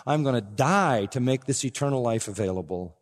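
A male pastor preaching with emphatic force, jumping from loud exclamations to hushed asides. His voice sits at an ordinary middle pitch. A long hall reverb trails after each phrase. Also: animated, fairly quick. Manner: emphatic preaching with sudden loud rises and quiet drops. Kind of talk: sermon.

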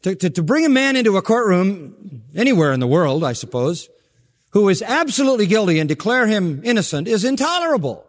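A man preaching a sermon as pastor, emphatic, with sharp rises in pitch and soft drops at the ends of phrases. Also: big pitch swings, fairly quick, in a large hall.

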